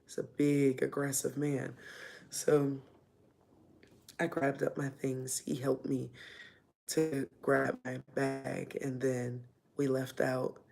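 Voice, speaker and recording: A woman's voice: extremely low pitch, monotone, slow, vocal fry, dark tone, slight background noise. A woman casually telling a personal story, rambling with lots of fillers and acting out what people said. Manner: rambling, with frequent fillers and re-enacted dialogue. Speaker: vlogger telling her life story.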